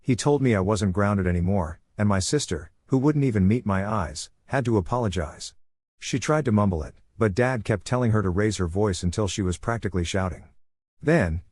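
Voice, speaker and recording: A man giving a steady, scripted narration of a story. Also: on the low side, no echo.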